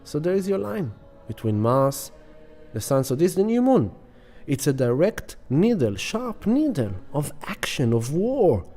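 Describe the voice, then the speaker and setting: A man's voice: on the high side, big pitch swings, unhurried, mellow, soft background music. A man hosting an astrology channel, explaining an astrology chart in a casual, emphatic way and repeating words for effect.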